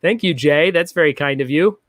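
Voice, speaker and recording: A man's voice: fairly high pitch, fairly quick, fairly bright tone, no room sound, studio quality. A man hosting a live online trivia game, reading questions, repeating them and joking with viewers. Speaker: trivia host.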